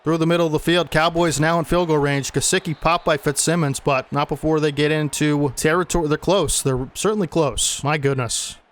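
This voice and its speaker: A man's voice: fairly high pitch, steady tone, a little fast, hardly any pauses. Man calling his own football video game. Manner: casual sportscaster-style calls with frequent "man"; exasperated when plays go wrong. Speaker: gaming YouTuber.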